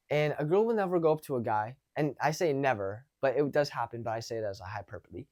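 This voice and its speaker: A young man giving casual dating advice, animated and swearing freely. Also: mid-range voice, no room sound, clean studio sound. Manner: animated, acts out quoted exchanges, swears casually. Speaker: dating coach.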